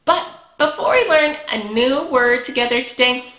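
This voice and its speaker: A woman teaching a preschool reading lesson, speaking cheerfully with drawn-out words and lots of praise. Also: sits high, fairly bright tone. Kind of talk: slow, sing-song lesson for young children. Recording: echoey room.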